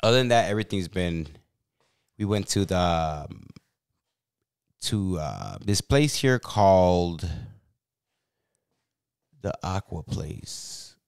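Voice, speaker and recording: A man with a very low voice hosts a casual podcast chat. He rambles along in an easygoing way, with plenty of ums and uhs. The sound is dry and close. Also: very animated, slow pace, creaky, long pauses, a little mellow, smooth, no room sound. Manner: laid-back, rambling with many fillers. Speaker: podcast host.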